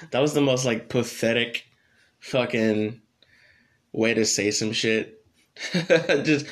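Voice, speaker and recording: A young man hosting his own podcast, talking off the cuff in a rambling and blunt way. He swears freely as he goes, and his voice sits at an ordinary mid pitch for a man. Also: slow pace, pauses often, a bit bright. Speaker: podcast host. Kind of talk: casual solo podcast rant.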